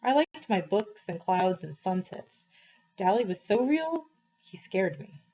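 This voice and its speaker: A woman teacher reading a novel aloud to her class, in a measured, expressive storytelling voice. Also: medium pitch. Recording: slightly muffled, dull recording.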